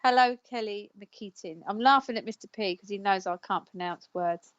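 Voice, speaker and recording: A woman's voice: mid-range voice, moderate pace, dull audio. Chatty woman hosting a live show. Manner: chatty, laughs often, stumbles over names. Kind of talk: casual live-stream chat.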